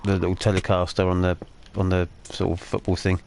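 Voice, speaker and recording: A man with a lowish voice banters through a gaming stream, joking and rambling with plenty of fillers. Faint noise sits under the recording. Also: completely flat delivery, brisk, vocal fry, darkish tone. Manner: joking, chatty, with frequent fillers. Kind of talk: casual gaming chat.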